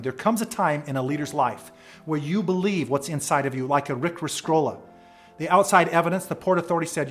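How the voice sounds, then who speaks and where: A man's voice: on the high side, a little fast, faint music behind. A man telling a story as a leadership speaker, in an earnest, dramatic storytelling manner. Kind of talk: motivational storytelling.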